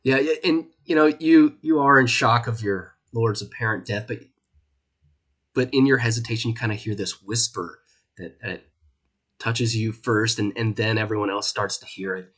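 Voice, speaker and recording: A man narrating a tabletop game as game master in a relaxed, hesitant way. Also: on the low side, moderate pace.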